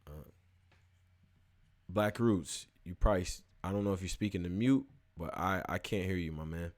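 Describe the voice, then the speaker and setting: A man in his early thirties hosting a live call-in show, telling animated, slang-heavy stories and then sliding into loose, mumbled housekeeping. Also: moderate pace. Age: early 30s. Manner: animated slangy storytelling, switches to loose low-key housekeeping. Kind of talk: casual live call-in monologue.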